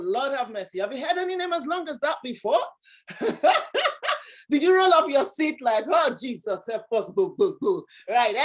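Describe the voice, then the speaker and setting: A bubbly woman hosts an online workshop over a video call. Her voice sits fairly high. She laughs often and fills her talk with exclamations. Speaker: workshop host.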